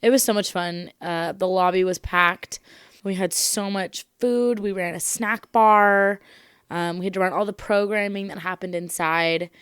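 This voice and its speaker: A woman's voice: mid-range voice, steady tone, measured pace, fairly bright tone, clear, resonant tone, dry recording, studio quality. A young woman co-hosting a podcast in casual chat, blunt and teasing toward her co-host.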